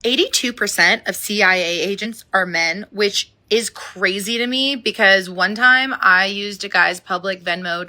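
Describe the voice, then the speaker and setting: A woman delivering a short joke in a dry, deadpan way. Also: medium pitch.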